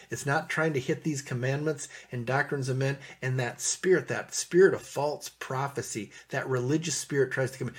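A man delivers a sermon in a relaxed, conversational way, circling back over his points and letting his voice fall soft on the gentle passages. His voice is husky, with a pitch sitting in the ordinary middle range for a man. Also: normal speed, hardly any pauses. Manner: conversational, repeats himself, drops to soft tones for gentle passages. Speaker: preacher.

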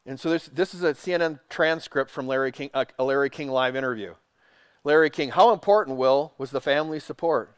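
A man preaching a sermon, reading quotes aloud and dropping to a soft hush for tender passages. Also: mid-range voice, a little fast, clear, resonant tone, dry recording, clean studio sound. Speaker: pastor.

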